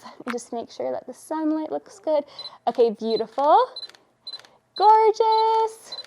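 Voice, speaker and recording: A young woman with a fairly high voice directs a model in a photo studio. She keeps up a steady stream of encouragement and gushing praise while she works. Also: moderate pace, vocal fry, a little hiss or hum.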